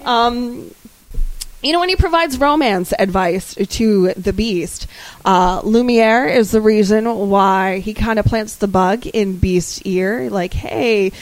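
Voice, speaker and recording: A woman's voice: medium pitch, slow pace, no room sound, low-quality recording. A woman co-hosting a podcast in casual chat, rambling and often searching for her words. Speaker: podcast co-host.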